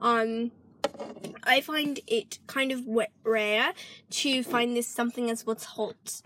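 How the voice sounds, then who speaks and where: A woman's voice: fairly high pitch, unhurried, a bit bright. A young woman from Michigan chatting casually in a vlog, rambling with lots of ums and sometimes drifting into a British-sounding lilt. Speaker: vlogger.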